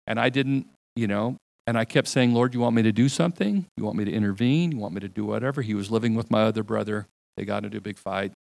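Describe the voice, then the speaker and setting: A middle-aged man delivers a sermon as if telling a story to friends, his voice gravelly with a rough fry. He often sinks to a hushed, low tone when he quotes dialogue. The recording is dry and close, with no room echo. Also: fast, few pauses. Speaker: pastor.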